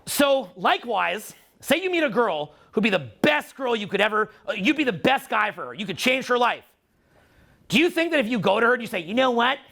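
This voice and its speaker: Animated, bright-voiced Canadian man. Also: very high-pitched, brisk, creaky. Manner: profane, animated, teasing. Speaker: seminar speaker. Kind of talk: live seminar talk.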